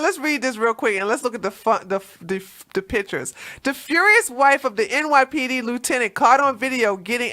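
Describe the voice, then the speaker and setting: A brash woman commentator with a high, bright, forceful voice. She is profane and sassy, mocking what she covers on her livestream. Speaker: host of a political commentary livestream. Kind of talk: opinionated political commentary.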